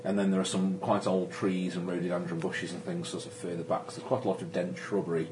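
A man narrates a tabletop game as its game master, his voice on the low side. He pauses often and restarts phrases. There is noticeable hiss in the recording. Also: little pitch movement. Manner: hesitant, many ums and restarts. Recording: noisy recording.

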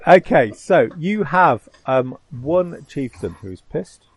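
A man's voice: a little high, expressive, rough recording. A man running a tabletop game as game master, hesitant and full of ums as he describes the combat. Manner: halting, full of ums and uhs.

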